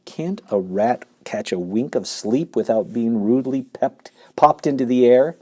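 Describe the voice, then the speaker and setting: A man's voice: mid-range voice, a little slow, darkish tone, lightly acted. Lazy grumbling rat, sarcastic and mocking, read by a male narrator. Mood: grumpy.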